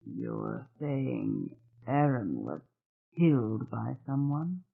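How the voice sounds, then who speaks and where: A narrator putting on a gravelly older woman. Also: huge pitch swings, extremely slow, full character voice. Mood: shaken. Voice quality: gravelly, low, hushed. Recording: tinny phone-like sound.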